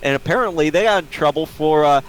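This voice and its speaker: A man's voice: a little high, fast talker, slight background noise, poor audio. A man from Ohio co-hosting a podcast, ranting bluntly and profanely in casual chat over a video call. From Ohio, United States. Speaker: podcast co-host.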